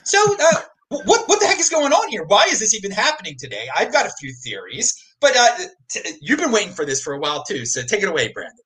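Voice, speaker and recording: A man hosting an excited live stream, loud and fast-talking. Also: sits high. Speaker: host.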